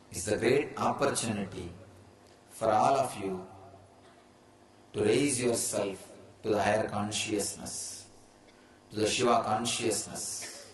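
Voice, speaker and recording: A man's voice: on the low side, slight background noise. A man with an Indian English accent giving a spiritual discourse, speaking in emphatic, declarative statements. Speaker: spiritual teacher. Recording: echoey room with faint ambience.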